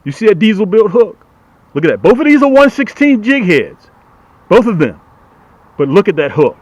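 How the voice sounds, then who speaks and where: A middle-aged man who hosts a channel and sells fishing gear casually demonstrates and pitches fishing hooks to the camera. His voice sits on the high side with no room sound, and his lively, repetitive salesman patter keeps calling viewers "guys".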